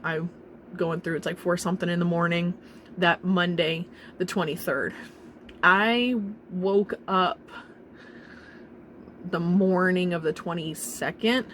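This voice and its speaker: A woman's voice: fairly low pitch, a bit bright, slight background noise. Tearful woman telling her story. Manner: halting, tearful, with nervous laughs and restarts. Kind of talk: emotional personal storytelling.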